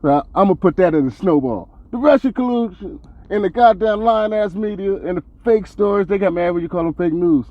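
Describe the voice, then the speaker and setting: A man hosting a podcast, delivering a profane, heated and sarcastic rant that swings between loud outbursts and low mutters. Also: fairly quick, dry recording, dull audio. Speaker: podcast host. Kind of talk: ranting commentary monologue.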